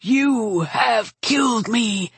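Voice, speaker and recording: A dying ancient dragon , as a woman narrator puts him on speaks in a slow, menacing whisper from a storybook. The voice is slightly husky and recorded close and dry. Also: fairly high pitch, no room sound, pitched above the performer's own voice, exaggerated voice.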